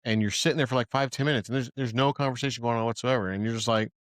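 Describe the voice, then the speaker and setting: A man co-hosting a casual chat podcast, telling animated stories and acting out quoted voices. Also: mid-range voice, very fast, no echo. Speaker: podcast co-host.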